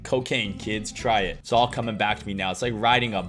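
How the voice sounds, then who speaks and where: A young man giving a crude, sarcastic market commentary and ranting loudly with constant swearing. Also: on the low side, steady tone, a little fast, faint music behind. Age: young adult. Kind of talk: profane rant-style market commentary.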